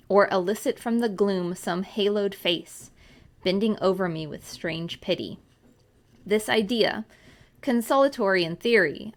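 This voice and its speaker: A woman reading a classic novel aloud in a measured, expressive way. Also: medium pitch, creaky. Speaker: audiobook reader.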